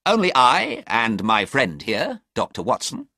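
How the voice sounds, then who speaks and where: A man's voice: medium pitch, huge pitch swings, unhurried, sharp tone, no room sound, studio quality, heavily acted. A man reading a storybook, voicing a cool, confident male detective in a raised, precise voice.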